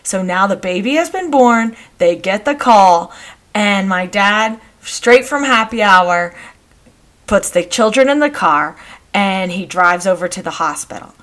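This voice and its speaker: A middle-aged woman hosting a podcast, telling family stories in a chatty, meandering way with frequent pauses and restarts. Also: mid-range voice, animated, fairly bright tone. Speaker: podcast host. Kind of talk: casual storytelling monologue.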